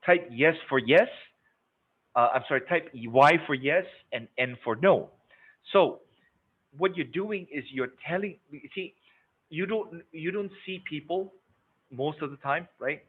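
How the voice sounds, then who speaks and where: A man's voice: on the high side, a little slow, slightly rough. Guy running a sales webinar, hammers points, says okay? right? a lot, thin phone-line sound. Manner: emphatic, repeats words, checks in with "okay?" and "right?". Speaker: sales trainer. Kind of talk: live webinar teaching. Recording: narrow phone-like webinar audio.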